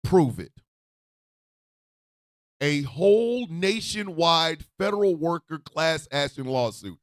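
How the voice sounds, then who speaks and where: A man hosting a radio show, ranting in a profane, fiery way and often shouting. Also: fairly high pitch, very animated, takes it slowly, dry recording, clean studio sound.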